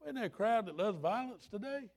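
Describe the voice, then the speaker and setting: Fervent high-voiced preacher man. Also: expressive, fairly quick. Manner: fervent, folksy, rising to shouts. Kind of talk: revival sermon.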